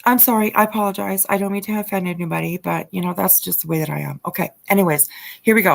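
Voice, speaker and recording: A woman hosting a relaxed late-night livestream chat, reading a news article aloud and stopping to greet viewers by name. She gets worked up and swears freely, and her speech is full of fillers, restarts and trailing asides. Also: fairly low pitch, quick pace, creaky. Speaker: livestream host.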